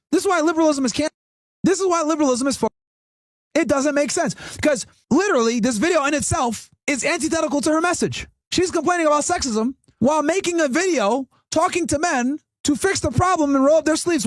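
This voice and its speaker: A man's voice: very high voice, lively intonation, a little fast, dry recording, clean studio sound. A man streaming a reaction video, ranting and mocking it with heavy swearing while he talks straight to his chat.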